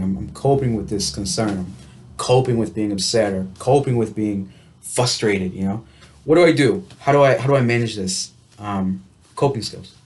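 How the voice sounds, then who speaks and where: Rambling man musing about feelings. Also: mid-range voice. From United States. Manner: rambling, full of restarts and "you know"; reflective, laughs lightly now and then. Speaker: vlogger. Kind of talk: casual rambling self-help talk.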